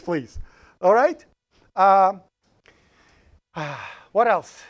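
A man with a high-pitched voice speaks very slowly, pausing often, while lecturing a college programming class. He's a joking, animated lecturer who addresses his students directly and kids around with them as he goes.

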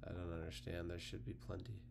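A man with a fairly low, gravelly voice walks through a software tutorial in a relaxed, offhand way. He thinks aloud as he clicks around, and a faint hum sits under the recording. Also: a little fast. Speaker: tutorial host.

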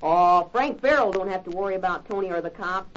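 A woman's voice: fairly low pitch, brisk, natural voice. A woman playing a boastful young boy who idolizes his hero, in 1940s radio acting. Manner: boastful, admiring. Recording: dull old radio recording with faint hiss.

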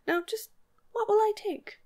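A woman reading the part of a timid, soft-spoken sheriff's wife. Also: very high-pitched, measured pace, voice pushed up. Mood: gentle.

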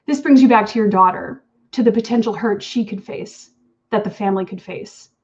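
A woman's voice: mid-range voice, normal speed, a little mellow, lo-fi sound. Woman reading her own horror story. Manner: intimate second-person storytelling, wry and anxious. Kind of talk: reading fiction aloud at an online event.

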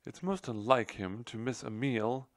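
A man's voice: expressive, unhurried, no echo, clean studio sound, natural voice. A man reading aloud and voicing an anxious, fussing female mouse housewife in a raised, fluttery voice. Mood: worried. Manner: high fluttery worried voice.

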